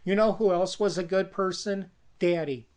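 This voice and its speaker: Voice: mid-range voice, moderate pace, a little mellow, close to an everyday voice. A storyteller voicing a desperate adult brother who pushes a risky plan, talking in a pushy, persuasive way. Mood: insistent. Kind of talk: casual spoken movie pitch.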